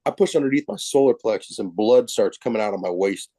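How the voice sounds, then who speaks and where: A man with a lowish voice talks fast as a podcast guest, telling a personal story in a casual, animated, self-mocking way with plenty of profanity. There is no room sound.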